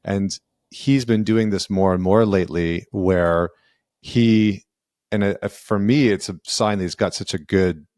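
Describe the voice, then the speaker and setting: A man with a low voice tells a family story in a relaxed, earnest way on a podcast. He is close to the mic in a dry studio, with no room sound. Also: dry recording. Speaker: podcast host and father. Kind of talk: casual conversational interview.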